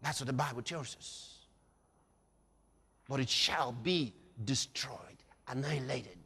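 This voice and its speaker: A man preaching a sermon, swinging between hushed passages and shouting. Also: medium pitch, takes it slowly, breathy edge. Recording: reverberant hall.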